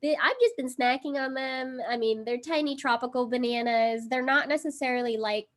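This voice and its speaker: A woman's voice: high-pitched, moderate pace. A woman hosting a casual live cooking stream from home, chatty and giggly with lots of fillers. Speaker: livestream cooking host. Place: home in Brooklyn.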